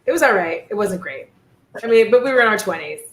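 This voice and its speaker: A young woman hosting a casual chat, telling stories in an animated way with acted quotes. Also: medium pitch, fast, echoey room. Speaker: host. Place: indoors at home.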